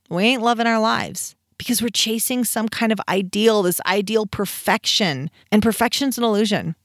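A woman hosting a motivational podcast, energetic and emphatic, with playful asides. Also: medium pitch, dry recording, studio quality. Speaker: podcast host.

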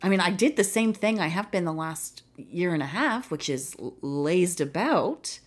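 A woman's voice: fairly low pitch, expressive, normal speed. Tired, rambling woman podcast host. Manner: rambling, chatty, profane, self-deprecating. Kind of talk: casual solo podcast chat.

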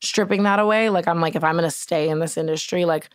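Young woman guest; very low pitch, dry close sound, chatty, filler-heavy casual talk. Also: fast talker, dry recording. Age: young adult. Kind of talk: casual podcast conversation. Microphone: close podcast mic.

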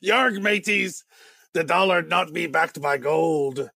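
A man putting on the voice of a gruff, swaggering male pirate. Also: on the high side, slow pace, sharp tone, full character voice.

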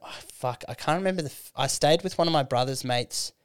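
Clear-voiced, sweary man. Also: on the high side, fairly quick. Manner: profane, laid-back storytelling. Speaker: podcast host. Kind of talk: casual chat.

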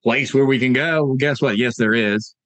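A man's voice: mid-range voice, normal speed, a bit bright, no room sound. A man coaching real estate agents in a casual motivational talk, telling stories with lots of fillers and repeated phrases. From Northern Virginia, USA.

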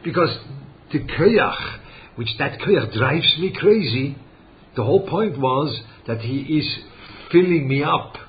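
A man giving a religious lesson, halting and searching for words as he poses rhetorical questions. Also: fairly high pitch, animated, a little hiss or hum. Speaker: rabbi teaching Torah. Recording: dull lo-fi recording.

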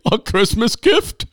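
A man putting on a jolly old Santa Claus voice with an Irish-tinged twang and booming ho-hos. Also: a bit bright, dry recording, clean studio sound, heavily acted.

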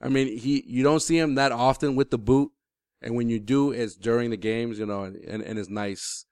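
A man's voice: mid-range voice, steady tone, normal speed, darkish tone, clear, resonant tone, dry recording, studio quality. A man co-hosting a casual sports podcast, rambling with many restarts and fillers. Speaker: podcast co-host.

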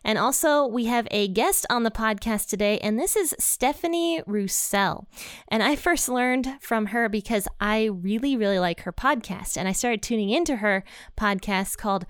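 A woman's voice: a little high, expressive, normal speed, smooth, no room sound, clean studio sound. A woman hosting a faith podcast, talking in a bubbly, enthusiastic way with frequent laughter. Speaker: podcast host.

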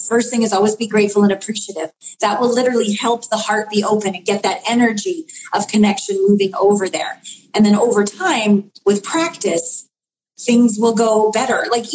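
A woman's voice, set a little high, speaks in an earnest coaching tone and leans on repeated phrases for emphasis. The room adds a clear echo around her. She sounds like a guest offering advice in a talk. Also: darkish tone, slight background noise. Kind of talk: advice-giving conversation. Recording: roomy echo.

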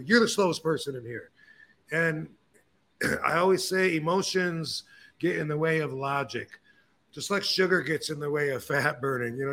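A man hosting a podcast, telling stories and opinions in a casual, animated way, with frequent swearing. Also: fairly high pitch. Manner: animated, profane storyteller. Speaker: podcast host. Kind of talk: casual chat.

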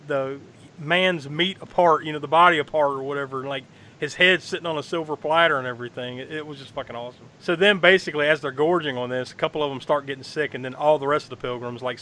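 A man in casual podcast chat, excitedly recapping a horror film, swearing freely, laughing often and acting out lines. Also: a little high.

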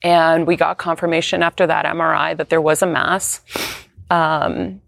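40s woman guest on a tv interview, low-ish voice, candid, acts out quotes, dry close sound. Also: normal speed, gravelly, no echo. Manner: candid and animated, acting out quotes. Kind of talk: personal story in a TV interview.

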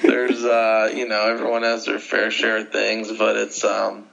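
A man's voice: on the low side, completely flat delivery, a little slow, gravelly, lo-fi sound, a crowd in the background. A man in his twenties, a pro golfer guest, chatting loosely with lots of restarts and laughs. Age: 20s. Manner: laid-back, rambling with frequent restarts and laughs. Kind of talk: casual interview chat.

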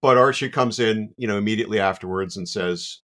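A man with a deep, low voice tells a story in a casual, animated way. He pokes fun at himself and fills his sentences with "you know." He comes across as a chatty guest. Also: a little fast, hardly any pauses. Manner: animated, self-deprecating, many "you know" asides.

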